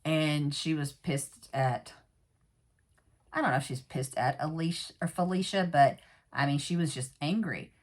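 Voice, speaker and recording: A woman's voice: low voice, a little slow. A woman casually recapping a true crime episode in a rambling way, with many fillers and asides and candid personal comments.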